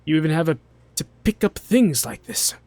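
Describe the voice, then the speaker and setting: A man's voice: a little high, animated, normal speed, darkish tone, pitched above the performer's own voice, close to an everyday voice. A man voicing a prim middle-aged male school official in a put-on British accent, with clipped, dismissive replies. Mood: irritated.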